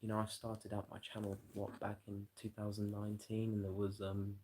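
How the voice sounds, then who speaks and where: A man's voice: lowish voice, completely flat delivery, moderate pace, a little mellow, slight background noise, rough recording. A British man chatting loosely on a live stream, rambling and swearing, with lots of "you know". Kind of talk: rambling casual livestream chat.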